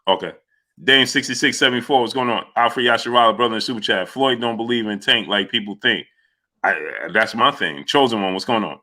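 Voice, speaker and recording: A sports talk show host runs a live boxing stream, his mid-range voice fairly quick and sharp in tone. He talks emphatically, leaning on repeated fillers and often asking "you understand?"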